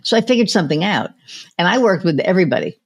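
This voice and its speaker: A woman's voice: lowish voice, quick pace, creaky. A woman hosting a podcast, telling casual stories full of "you know" and playing the voices of people she quotes. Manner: animated anecdotes, acts out quoted voices; frequent fillers like "you know". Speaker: podcast host. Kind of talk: casual conversational storytelling.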